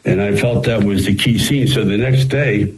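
Deep-voiced male guest, rambling storyteller, interview. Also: moderate pace, rough recording. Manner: animated, rambling anecdotes with frequent restarts. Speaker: actor and screenwriter guest.

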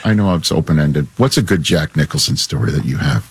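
Man, interviewer, deep voice, breathy edge, short eager questions. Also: lively intonation, fairly quick. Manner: brief affirmations, eager questions.

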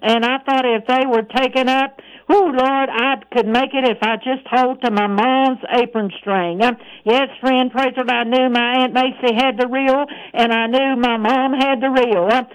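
A woman preaching a radio sermon, breaking every phrase with "praise the Lord" and reading scripture slowly. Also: high voice, fairly even intonation, clear, resonant tone, low-quality recording. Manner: reads scripture aloud in a slow, measured voice.

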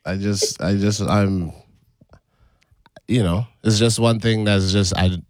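A man co-hosting a podcast in casual chat, joking and firing back quick comebacks. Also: on the low side, steady tone, darkish tone, dry recording, clean studio sound. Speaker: podcast co-host. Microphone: desk studio mic.

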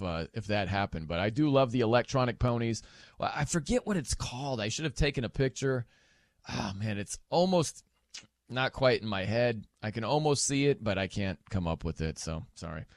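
A man's voice: on the low side, lively intonation, normal speed, no room sound. A man hosting a late-night show, chatting casually and teasing his co-host playfully. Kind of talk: casual chat.

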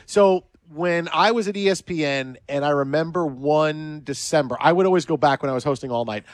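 A man hosting sports talk radio, telling stories in an animated, chatty way. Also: on the high side, fairly quick, dry recording.

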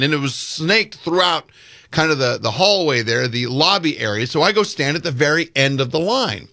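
With a fairly high voice at normal speed, a man co-hosting a casual conversation launches into a long story, voicing the quoted dialogue with animation. The audio is clean studio sound without echo.

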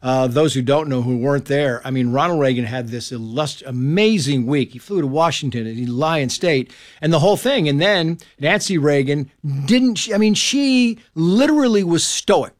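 A man's voice: fairly high pitch, normal speed, few pauses. A man, a journalist and author, telling stories in a casual interview and acting out the people in them. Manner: animated storyteller, acts out quoted voices.

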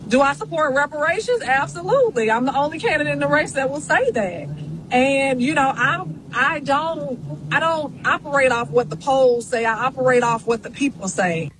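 Woman candidate, high and firm, noisy recording with vehicles behind. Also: animated, normal speed. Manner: firm, repeating her answers. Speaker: political candidate. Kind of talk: campaign livestream remarks.

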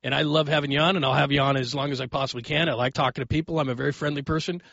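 A middle-aged man hosting a late-night sports call-in radio show, chatty and quick to laugh, turning firm when he lectures a caller. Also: on the high side, steady tone, gravelly, a bit bright, no room sound, muffled recording. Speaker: radio sports talk host. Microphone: studio broadcast mic.

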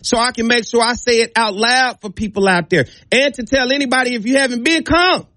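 Emphatic high-voiced man, dry sound. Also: fairly quick, bright, forceful tone, dry recording. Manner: emphatic, preachy, addresses listeners directly. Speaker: show host. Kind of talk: passionate opinion monologue.

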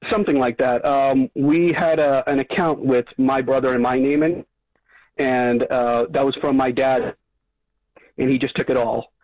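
A Long Island man phones in to a radio talk show, speaking hesitantly with lots of fillers and restarts. His voice is medium-pitched and steady, his pace measured, and the tinny phone line carries no echo.

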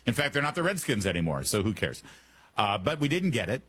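A man's voice: on the low side, big pitch swings, brisk, a bit bright, slight background noise. A man hosting a talk radio show, delivering a joking monologue full of wry asides and puns. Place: Washington, D.C. studio.

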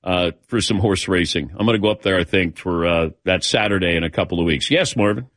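An older man hosts a relaxed talk show and drifts into long sports memories, turning to his co-hosts by name. His voice sits a little low. It sounds close and dry, with no room around it. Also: brisk, dry recording. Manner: storytelling, calls on co-hosts by name. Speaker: host. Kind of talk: casual chat.

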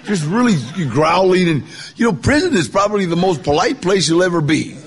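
A man's voice: sits high, lively intonation, a little fast. An older man telling his life story in a casual, conversational way, acting out the voices of people he quotes. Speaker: guest storyteller. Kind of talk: personal storytelling.

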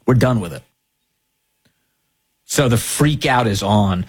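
A husky-voiced man hosting a commentary show, pressing his points with sarcasm and indignation. His pitch swoops up and down in lively leaps as he hammers each line home. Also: slow. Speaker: political commentary host. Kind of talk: opinion monologue.

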